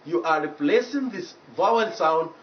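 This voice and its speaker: A man with a Nigerian English accent teaching pronunciation on local TV, saying each word slowly and repeating it for drills. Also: on the high side, lively intonation. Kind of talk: broadcast pronunciation lesson. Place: TV studio. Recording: roomy, distant, dull local TV broadcast audio with faint noise.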